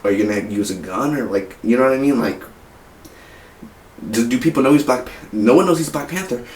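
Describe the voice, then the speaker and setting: A man's voice: medium pitch, a little fast, a little mellow. Rambling man in a roomy room. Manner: rambling, many fillers and restarts. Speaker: movie reviewer. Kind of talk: casual spoiler review. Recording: roomy echo, mic far off, faint hiss.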